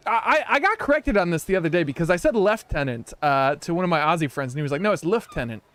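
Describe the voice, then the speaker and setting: A man's voice: fairly high pitch, lively intonation, fast talker, a bit bright, dry recording. An American man streaming a video game, giving casual, joking commentary with rambling asides. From United States.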